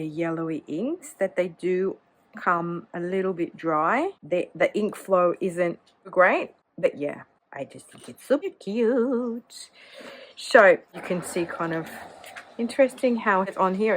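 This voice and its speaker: A woman's voice: on the low side, unhurried, low-quality recording. A woman vlogging about her hobby in a cozy, casual chat, often hedging with "kind of". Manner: chatty, hedging with many "kind of"s. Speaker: fountain pen vlogger.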